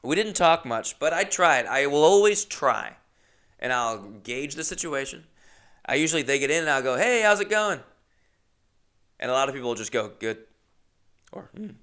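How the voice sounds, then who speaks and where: A man with a smooth, clear voice of middle pitch tells a comedic story on his podcast. He rambles, jumps up in pitch and loudness when he acts out the people in the story, and then drops back to an easy conversational tone. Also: a little fast. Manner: rambling, animated retelling with voiced quotes. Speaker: podcast host.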